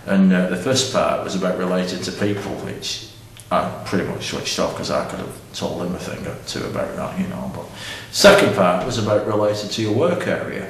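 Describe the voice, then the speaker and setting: A man's voice: low voice, brisk, recorded from a distance, a little hiss or hum. Rambling blunt man. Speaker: comic character monologue. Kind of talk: deadpan comic monologue. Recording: echoey room from off-mic.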